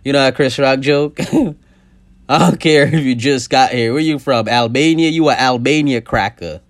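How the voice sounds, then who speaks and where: A young man hosting a podcast, ranting casually and profanely, his voice swinging from loud outbursts to low asides. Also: unhurried. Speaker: podcast host. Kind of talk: casual comedic rant.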